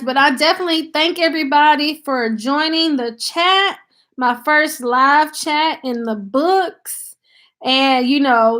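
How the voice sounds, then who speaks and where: Her voice sits high with a fairly bright tone as this Tennessee channel host, speaking in a Southern country accent, chats easily with her live stream viewers and thanks each one by name over a laptop mic.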